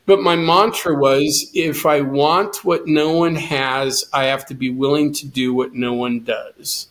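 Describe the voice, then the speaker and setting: A man's voice: mid-range voice, steady tone, unhurried, few pauses, a bit bright. A middle-aged man, a guest on an interview show, telling his story earnestly and quoting his own past thoughts. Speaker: guest, cancer survivor and swimmer.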